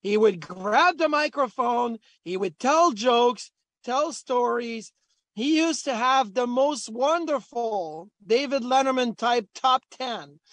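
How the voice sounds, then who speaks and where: A middle-aged man, a former hockey player, co-hosting a sports talk show and telling lively stories. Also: very high voice, slow pace, no echo. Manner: animated storyteller, acts out quotes.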